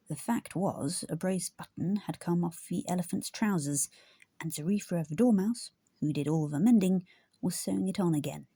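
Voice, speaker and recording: A woman reading a children's story aloud as an audiobook, gently, often slipping into a soft whisper. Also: lowish voice, breathy edge, no room sound. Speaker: audiobook reader. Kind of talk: scripted narration of a children's story.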